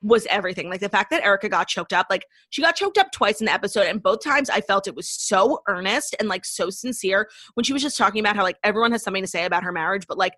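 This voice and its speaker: A woman's voice: medium pitch, animated, sharp tone, no room sound, studio quality. A young woman co-hosting a podcast, chatting casually and gushing with a profane edge. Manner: gushing, profane, fast recaps of reality TV. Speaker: podcast co-host. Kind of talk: casual chat.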